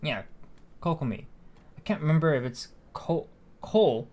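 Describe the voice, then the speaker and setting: A man's voice: on the high side, lively intonation, a little slow, pauses often, darkish tone. A man streaming a video game, chatting casually and thinking aloud with frequent restarts and fillers. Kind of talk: casual live-stream chat while gaming.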